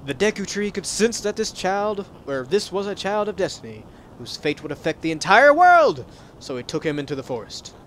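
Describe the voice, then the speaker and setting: A man voicing a cheerful little talking tree sprout from a video game, in a bright, loud, chirpy put-on voice. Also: high-pitched, very animated, moderate pace, slight background noise. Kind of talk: playful voice reading of game text.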